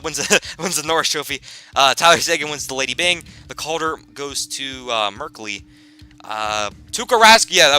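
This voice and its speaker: A young man talks through a hockey video game, excitable and self-deprecating, often tripping over his words and starting again. His voice is bright and sharp, sitting a little high for a man, with soft game music playing underneath. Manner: excitable, self-deprecating, rambling with many restarts. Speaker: gaming YouTuber. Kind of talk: casual video game commentary.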